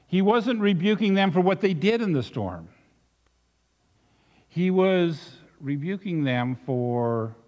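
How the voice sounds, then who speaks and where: Guy pastor giving a sermon, slightly high voice, goes quiet then builds up, dull recording with long church reverb. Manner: reflective, dropping soft then rising emphatic.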